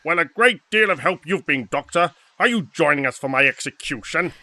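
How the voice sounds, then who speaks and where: A man's voice: on the high side, animated, brisk, bright, forceful tone, dry recording. A man voicing a defiant older father held prisoner, blunt and sardonic, in an audio drama. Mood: wry.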